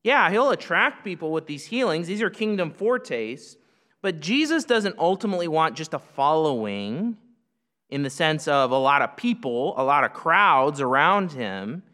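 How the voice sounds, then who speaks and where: A man's voice: on the high side, very animated, moderate pace, bright, forceful tone. A man preaching a sermon, emphatic and full of rhetorical questions. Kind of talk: sermon teaching. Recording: long hall reverb.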